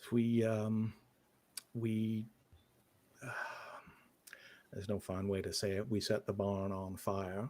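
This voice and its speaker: A man playing a guilt-ridden occult investigator in a tabletop game, telling his story in halting, hesitant bits. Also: on the low side, little pitch movement, dark tone. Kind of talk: in-character tabletop role-play.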